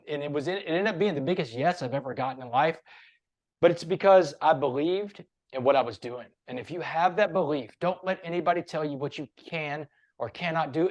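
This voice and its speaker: A man's voice: fairly high pitch, moderate pace, muffled recording. Male motivational speaker guest, earnest and emphatic, preaching tone in a casual chat.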